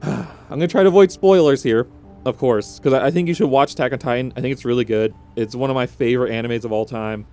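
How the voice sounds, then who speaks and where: A man's voice: medium pitch, fast, a little mellow, smooth, faint music behind. A young man vlogging, rambling and emotional, with frequent restarts and rising exclamations. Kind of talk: unscripted emotional reaction vlog.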